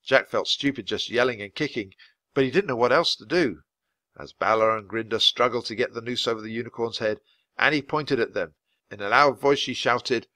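Bright, clear storybook reader, a man. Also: mid-range voice, brisk, no echo. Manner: clear, steady, at natural pace for learners. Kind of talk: storybook read-aloud.

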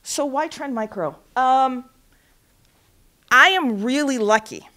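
A middle-aged woman giving a lively talk as a guest speaker in a lecture hall, an animated storyteller. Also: high-pitched, slow pace. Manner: animated storyteller, acts out voices in anecdotes.

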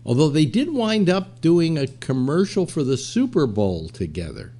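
In a relaxed, rambling podcast chat, an older male host tells anecdotes thick with fillers and playful quoted voices. His voice runs on the high side with big pitch swings, dark and slightly rough, at normal speed.

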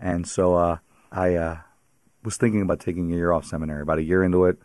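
A priest from the Pittsburgh area tells his faith story as a radio interview guest, in a very deep voice. He talks like a chatty storyteller and breaks into laughter often. The sound is dry and close, with no room behind it. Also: flat delivery, fast talker, a little mellow, no room sound.

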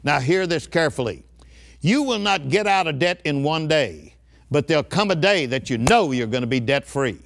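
A man's voice: on the high side, animated, normal speed, creaky. An older man preaching a sermon, emphatic and rousing, calling on the audience to answer back. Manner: emphatic call-and-response preaching.

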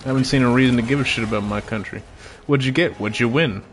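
A young man streaming a game with viewers, chatting casually, cursing often and shouting when excited. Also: medium pitch, fast, a little hiss or hum. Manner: profane, joking, bursts of excited shouting. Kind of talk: casual gaming livestream chat.

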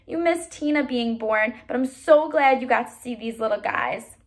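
A woman reading aloud voices a young mother with a husky voice. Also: fairly high pitch, normal speed, close to an everyday voice. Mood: tender.

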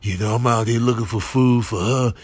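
A man voicing an angry, heartbroken male bird who rants in a low, seething grumble. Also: steady tone, a little fast, husky, dry recording, lightly acted. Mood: bitter.

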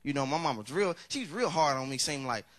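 A man's voice: fairly high pitch, animated, fast talker, a bit bright. A young male stand-up comedian with a congested voice, talking casually and teasing the audience.

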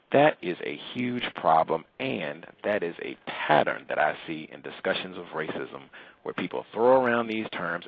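A man hosting a call-in radio show, speaking deliberately and lecturing on the meaning of terms. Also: low voice, creaky, husky, dry recording, narrow, tinny audio.

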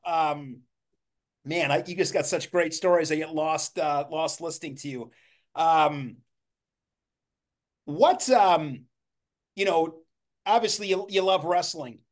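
A man hosts a relaxed interview, feeling his way through questions with frequent ums and restarts. His voice is notably high for a man. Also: a little slow, long pauses. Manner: hesitant, filler-heavy questions. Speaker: podcast host. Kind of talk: casual interview.

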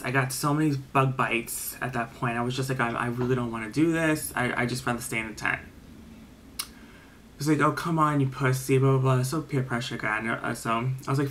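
Young male storyteller, casual and rambling, heavy on "like", mid-pitched voice. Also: fairly bright tone, a little hiss or hum. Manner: rambling, filler-heavy, lots of "like".

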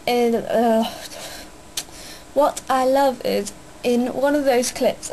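A woman's voice: high voice, unhurried, warm tone, slight background noise, rough recording. A young woman chatting casually in a vlog, hyper and rambling, with lots of fillers. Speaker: vlogger.

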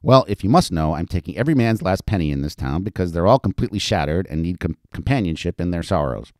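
A man's voice: deep voice, expressive, fast talker, a little mellow, dry recording, clean studio sound. A man reading an audiobook, voicing a flirtatious, brassy frontier brothel madam in a raised, teasing voice.

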